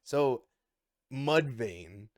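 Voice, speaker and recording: A man's voice: mid-range voice, expressive, very slow, crowd noise. A man hosting a podcast, asking rambling questions in casual talk with swearing. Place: podcast studio.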